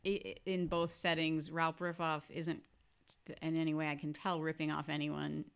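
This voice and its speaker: A woman co-hosts a loose conversation about a children's book. Her voice sits fairly low, and her remarks come out dry and relaxed. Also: moderate pace, vocal fry, smooth. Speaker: podcast co-host. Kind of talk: casual book discussion.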